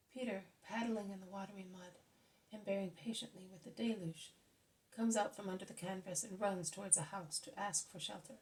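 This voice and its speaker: A woman narrating a religious story in a steady, measured reading. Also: medium pitch, rough recording. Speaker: audiobook reader. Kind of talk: scripted narration.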